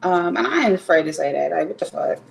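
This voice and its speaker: A woman's voice: lowish voice, lively intonation, fast talker, vocal fry, rough recording. A woman livestreaming from home, chatting casually and frankly with her viewers, rambling and swearing now and then. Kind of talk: casual chat with live viewers. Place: home in Cleveland. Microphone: streaming setup at home.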